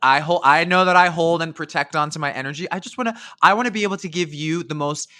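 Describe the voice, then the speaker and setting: Dude guesting on a podcast, bright tense voice, keeps restarting to push his point. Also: fairly high pitch, fast. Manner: emphatic, restarts a lot. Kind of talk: casual chat.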